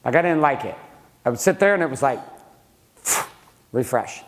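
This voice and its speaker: A man's voice: medium pitch, lively intonation, moderate pace, very noisy. A middle-aged man giving a blunt, profane motivational business talk to a live audience, swearing freely and throwing questions at the room. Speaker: speaker teaching a room of men.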